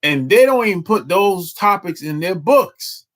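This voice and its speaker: With a high voice and a measured pace, this live stream host talks casually in a slangy drawl. He's animated and full of repetition.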